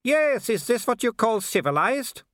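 A man's voice: extremely high pitch, very animated, unhurried, a bit bright, no room sound, studio quality, voice pushed up, exaggerated voice. A man voicing a mocking young male werewolf aristocrat in an audiobook, taunting and sneering.

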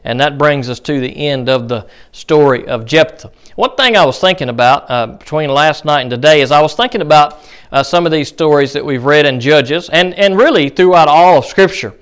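A man's voice: a little high, moderate pace, a bit bright, smooth. A man teaching a Bible study class in a conversational way, with many fillers and restarts. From United States.

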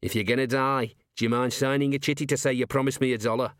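A man's voice: medium pitch, steady tone, fast, no echo, studio quality, close to an everyday voice. A man doing Wee Mad Arthur, a cheeky tiny gnome. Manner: blunt, cheeky, slangy. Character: tiny scrappy male gnome rat-catcher.

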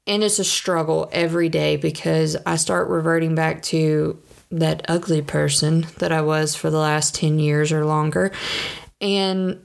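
A woman in her thirties chats on in a loose, wandering way and pokes fun at herself. Her voice sits a little low, with a steady gravelly fry. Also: a little slow. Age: 30s. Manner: chatty, rambling, self-deprecating. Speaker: vlogger. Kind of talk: casual monologue.

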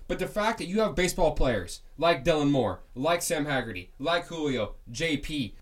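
Fired-up man ranting about baseball. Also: fairly high pitch. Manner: heated, ranting, fan-biased; loose, rambling, many restarts. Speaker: sports podcast host. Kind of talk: solo sports podcast rant.

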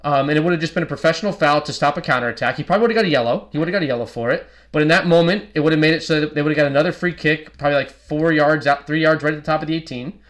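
A man's voice: fairly high pitch, racing, few pauses, fairly bright tone. A man co-hosting a football podcast, breaking down match plays step by step in casual talk, with frequent restarts. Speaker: podcast co-host.

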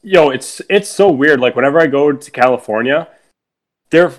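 A man's voice: medium pitch, normal speed. A young man from Canada co-hosting a podcast, laid-back and teasing, talking with lots of fillers. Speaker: podcast co-host. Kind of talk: casual chat.

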